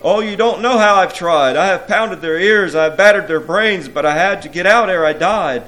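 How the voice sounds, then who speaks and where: A man's voice: high voice, moderate pace, fairly bright tone, voice pushed up. A man voicing a sly, shriveled male imp who complains and pleads. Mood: desperate.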